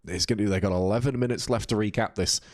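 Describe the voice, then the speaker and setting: A man's voice: lowish voice, fast talker, no echo, studio quality. A man casting a live video game match, talking casually and reacting to chat between plays. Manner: casual, chatty, reads chat aloud. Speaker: esports caster.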